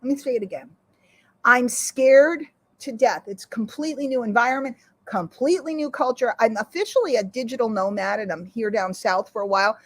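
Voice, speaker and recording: A woman's voice: on the high side, fast. A middle-aged woman hosting an online community, giving an emotional, earnest motivational talk that rallies her listeners. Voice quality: recovering lungs after illness. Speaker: community host.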